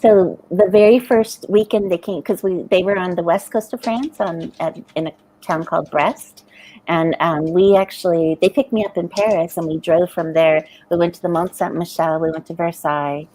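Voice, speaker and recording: A woman's voice: lowish voice, moderate pace, a little hiss or hum, low-quality recording. A middle-aged American woman co-hosting a writing livestream, chatting casually and telling stories with frequent laughter. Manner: chatty storyteller, laughs often, animated. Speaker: livestream co-host. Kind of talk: casual chat.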